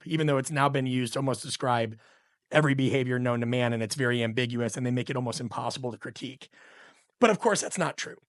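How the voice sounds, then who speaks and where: A man's voice: mid-range voice, a bit bright, dry recording, studio quality. A middle-aged man speaking as a podcast guest, an opinionated coach talking in a passionate, emphatic, ranting way. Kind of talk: podcast conversation.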